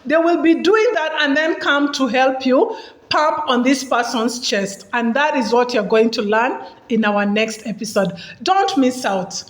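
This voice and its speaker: A woman with a high voice gives an earnest spoken lesson, repeating each step to make it stick. Now and then she acts out a shouted call for help. Her voice rings in an echoey room. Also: unhurried. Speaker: health instructor.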